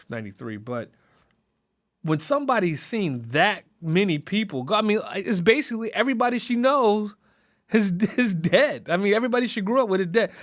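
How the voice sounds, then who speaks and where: A man's voice: on the high side, fairly bright tone, no echo, studio quality. A man hosting a podcast, talking in a rambling, reflective way with many fillers. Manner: rambling, frequent fillers, laughs through grief. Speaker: podcast host. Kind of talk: casual reflective monologue.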